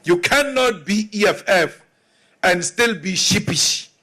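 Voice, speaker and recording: A man with a South African accent giving a forceful political rally speech, repeating lines for emphasis. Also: sits high, animated, slow. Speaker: opposition politician.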